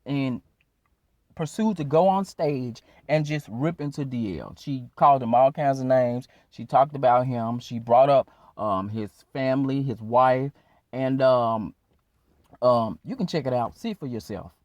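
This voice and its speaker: A man's voice: mid-range voice, measured pace, darkish tone, no echo, dull audio. Casual man recapping drama, dry sound. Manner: conversational, with fillers and hedges. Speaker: YouTube commentary host. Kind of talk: casual commentary narration.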